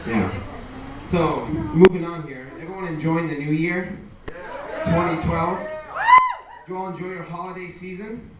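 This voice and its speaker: A man's voice: a little high, measured pace, long pauses, over a noisy crowd. A young man doing a stand-up comedy set, talking conversationally and acting out the people in his stories. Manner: conversational, acts out quoted voices. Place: live comedy venue. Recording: echoey room from far off with noise.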